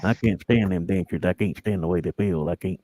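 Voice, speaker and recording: A man's voice: sits low, a little fast, dark tone, dry recording. An older man in a casual family chat, plain-spoken and blunt.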